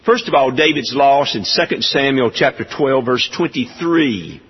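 A man preaching a sermon, speaking in a measured way with many pauses. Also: mid-range voice, slightly rough, big-room sound, muffled recording. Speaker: pastor.

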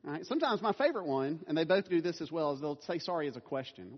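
A man's voice: fairly high pitch, animated, fast talker, a little hiss or hum. Man, pastor, sermon, chatty and self-deprecating, muffled recording with long reverb. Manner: conversational, self-deprecating, laughs often. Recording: dull sound with long hall reverb.

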